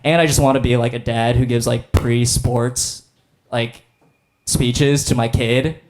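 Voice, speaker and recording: A man's voice: mid-range voice, steady tone, measured pace. A young man doing a stand-up comedy set on stage, rambling in a laid-back way with lots of "like" and "I don't know". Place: comedy stage before a live audience.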